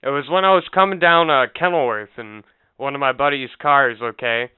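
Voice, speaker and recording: A man's voice: medium pitch, moderate pace, clear, resonant tone, no room sound. A man co-hosting a podcast in crude casual chat, rambling and swearing as he laughs at himself. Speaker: podcast co-host. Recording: tinny phone-like podcast audio.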